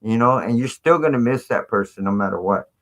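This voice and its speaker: A man's voice: medium pitch, expressive, a little fast, a bit bright. A man hosting a live stream, talking in a rambling, casual way full of fillers and asides. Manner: rambling, filler-heavy, conspiratorial chat.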